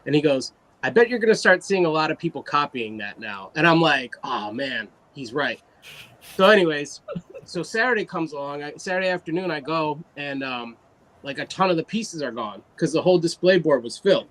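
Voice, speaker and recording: A man casually telling an animated story about his art, full of fillers and quoted asides. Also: a little high, fairly quick, poor audio. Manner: animated, loose anecdote with fillers. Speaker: guest artist.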